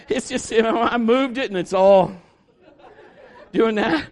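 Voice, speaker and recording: A man's voice: very high voice, slow pace, darkish tone. A middle-aged man, a pastor, preaching a sermon through a folksy, humorous story and acting out the voices of the people in it.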